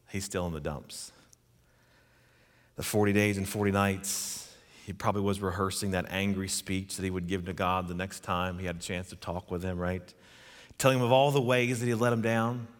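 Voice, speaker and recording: A man's voice: on the low side, big-room sound. A man preaching a sermon, earnest and emphatic, putting questions to his listeners. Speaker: pastor.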